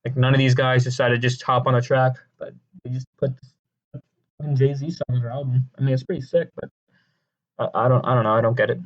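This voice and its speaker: Rambling deadpan man on a lo-fi mic. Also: medium pitch, fairly quick. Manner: rambling, deadpan, crude jokes, many fillers and restarts. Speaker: video creator ranking songs. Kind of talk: casual comedic commentary.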